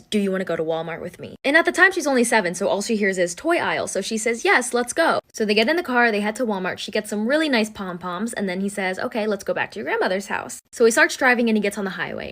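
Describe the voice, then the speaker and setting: A woman quickly narrating a dramatic storytime in a casual, emphatic way. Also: medium pitch, fairly bright tone. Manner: fast, dramatic retelling with emphatic asides.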